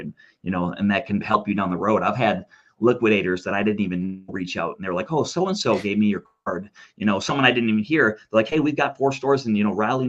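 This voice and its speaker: A man with a lowish voice speeds through a rambling, animated story, quoting other people as he goes. His audio comes through dull and lo-fi, as if over a remote call. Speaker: guest. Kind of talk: casual interview talk.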